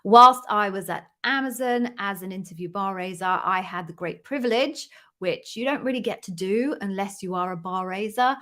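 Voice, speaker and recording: A woman's voice: mid-range voice, normal speed, pushed and bright. A woman hosting a casual live-stream Q&A, chatty and playful as she greets viewers by name, talking into a computer microphone in a room at home. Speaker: host of live Q&A stream, former interview bar raiser.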